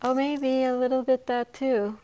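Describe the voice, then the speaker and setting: A woman co-hosting a casual chat, lively and laughing a lot. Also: high-pitched, unhurried. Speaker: co-host.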